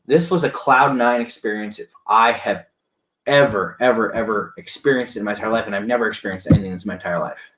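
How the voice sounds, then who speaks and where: A man casually recounting a competition to the camera, rambling excitedly and acting out the cheering crowd. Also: fairly low pitch, fast, reverberant.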